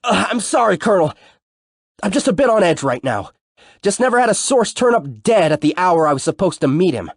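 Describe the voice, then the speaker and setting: A man's voice: high voice, sing-song, a little fast, dry recording, clean studio sound, pitched above the performer's own voice, heavily acted. A man voicing an edgy, tense reporter. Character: tense male reporter on edge, young adult. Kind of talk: audiobook character voice.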